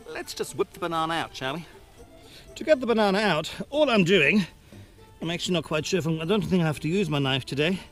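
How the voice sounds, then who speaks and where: A man's voice: a little high, expressive, quick pace, fairly bright tone, soft background music. A man hosting a gardening video outdoors in his garden, chatting casually through a how-to with self-mocking asides.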